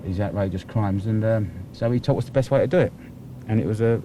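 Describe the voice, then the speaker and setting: A middle-aged man speaking in an interview, earnest and halting, often restarting his sentences. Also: lowish voice, dark tone, a little hiss or hum. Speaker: former criminal interviewee.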